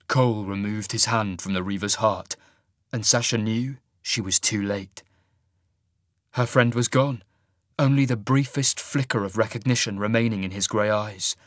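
Dry, measured male audiobook narrator. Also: lowish voice, steady tone, fairly bright tone, dry recording. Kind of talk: scripted fantasy narration.

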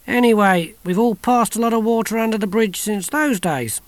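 A rambling old grandfather, played by a male narrator, proud of his old exploits, with a raised, slightly lifted pitch. The reading is dry and close to the mic, with a storybook feel. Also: moderate pace, dry recording, lightly acted. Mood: reminiscing. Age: older.

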